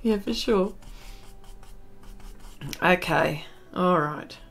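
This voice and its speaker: A woman's voice: on the low side, very slow, gravelly, fairly bright tone. An Australian woman live streaming her drawing, chatting casually, reading viewer comments aloud and laughing often. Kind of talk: casual chat while drawing.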